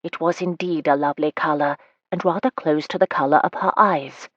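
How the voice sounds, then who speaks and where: Low-voiced woman narrating a romance. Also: steady tone, brisk, fairly bright tone, no echo, dull audio. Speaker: audiobook narrator. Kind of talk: scripted narration of a romance novel.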